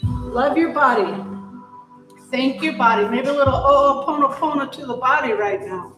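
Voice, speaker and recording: A woman leading a yoga class, giving calm, encouraging cues and breath prompts. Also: high voice, normal speed, very echoey, over music, low-quality recording. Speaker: yoga instructor. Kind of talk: guided yoga class instruction.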